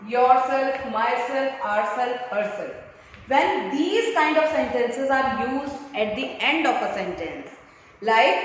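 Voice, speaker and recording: A high-voiced woman with an Indian accent teaches a grammar lesson in a slow, patient way, slipping between English and Hindi. Her voice rings in a bare, echoey room with a long reverb tail and a faint hiss behind it. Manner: explains in English mixed with Hindi.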